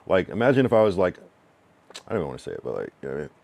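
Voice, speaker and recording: Streamer man from New England, low voice, casual and blunt, chats with viewers and reads their messages out. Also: wildly swooping pitch, vocal fry, a little mellow, no echo. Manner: frank, loose, reads chat messages aloud and answers them; drawn-out slang-filled musing with many fillers. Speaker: livestreamer giving feedback to chat. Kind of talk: casual livestream chat.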